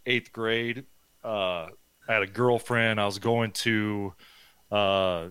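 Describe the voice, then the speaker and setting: A man's voice: on the low side, steady tone, slow pace, a bit bright, clean tone, dry recording. A man from Nebraska telling a story as a podcast guest, rambling with lots of fillers and casual swearing. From Nebraska, USA.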